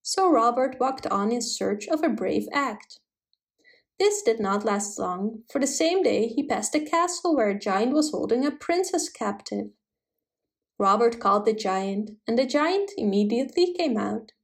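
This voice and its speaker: A woman with a slightly high voice reads a fairy tale aloud. Her telling is steady and gentle, in a storybook manner. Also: measured pace. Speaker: narrator. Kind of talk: storybook reading.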